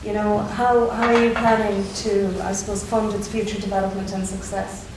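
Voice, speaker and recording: A woman moderating a conference panel, asking polite, measured questions. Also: medium pitch, little pitch movement, distant mic. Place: university conference hall. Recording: very echoey hall heard from afar, with noise.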